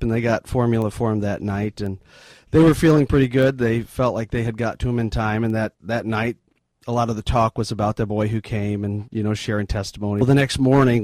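A middle-aged man, a missionary guest in an interview, retelling a story in an earnest, halting, sombre way. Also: lowish voice, darkish tone, no room sound.

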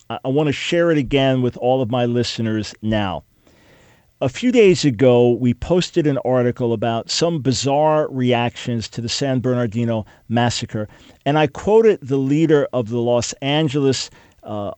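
A man's voice: medium pitch, a little mellow, no room sound. A man hosting a live talk radio show, speaking with an earnest, emphatic, preacher-like cadence. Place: radio studio. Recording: dry studio mic.

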